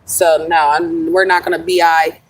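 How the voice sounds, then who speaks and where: A woman's voice: deep voice, flat delivery, moderate pace, recorded from a distance, rough recording. A middle-aged woman chatting casually on a livestream, rambling and laughing often, calling listeners honey. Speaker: livestream host.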